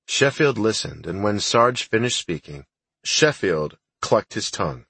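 A man reads an audiobook in a steady, first-person storytelling style. His voice is low and husky, and the recording sounds dry and close to the mic. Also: unhurried, dry recording. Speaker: audiobook narrator. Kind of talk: audiobook narration.

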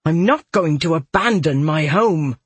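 Fierce stubborn matriarch, growled clipped commands, read by a male narrator, husky and slow. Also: on the high side, a bit bright, no echo, heavily acted.

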